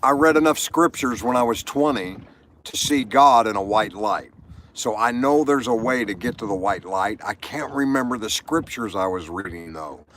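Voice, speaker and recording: A man's voice: fairly low pitch, animated, moderate pace, a little hiss or hum, poor audio. A man in his sixties from Florida hosting a livestream, chatting in a rambling, folksy, confessional way. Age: 60s. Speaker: livestream host. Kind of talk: casual livestream chat with viewers. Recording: livestream with loud background music. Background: loud music.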